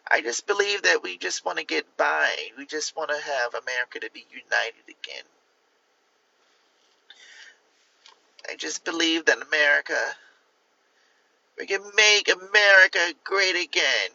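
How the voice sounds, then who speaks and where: A man's voice: a little high, expressive, normal speed, vocal fry, pushed and bright, dull audio, exaggerated voice. A man doing a comic impression of a middle-aged woman politician, delivering an earnest, rambling stump speech.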